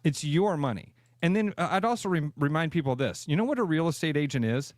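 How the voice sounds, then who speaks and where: A man's voice: on the high side, animated, fast, dry recording, clean studio sound. A man co-hosting a radio show, talking casually and emphatically, repeating phrases to drive a point home. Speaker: radio co-host, realtor. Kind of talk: casual sports radio chat.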